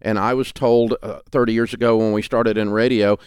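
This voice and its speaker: Deep Southern drawl, smooth and folksy. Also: male voice, level tone, a little fast, dry recording, studio quality. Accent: Southern US, Tennessee. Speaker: guest, radio talk host. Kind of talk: remote interview conversation. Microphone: remote call setup.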